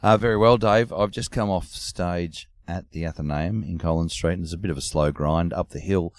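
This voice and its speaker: A man's voice: low-pitched, normal speed, dry recording. An older Australian man, a comedian, chatting wryly in a car with dry humour and a storyteller's manner. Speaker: comedian guest. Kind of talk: casual chat. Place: moving car.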